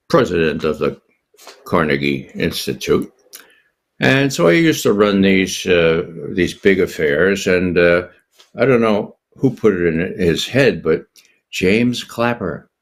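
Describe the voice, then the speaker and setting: An older man with a gravelly, husky voice that swings widely up and down as he talks. He gives political commentary as a guest and drives his points with rhetorical questions. His tone is sardonic and incredulous. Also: sits low. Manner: emphatic, asks himself rhetorical questions.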